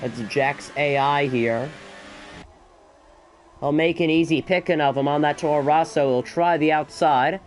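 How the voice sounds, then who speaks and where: A man doing solo live commentary on an esports race, excitable and a bit out of breath, with chatty asides between the action. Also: on the high side, measured pace, a little hiss or hum. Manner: excitable, rising to shouts in battles, chatty asides.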